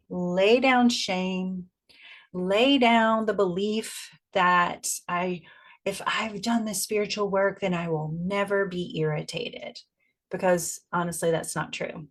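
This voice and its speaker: A middle-aged woman giving a spiritual teaching in a gentle, reflective way, slowing down to stress key phrases. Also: on the low side, creaky.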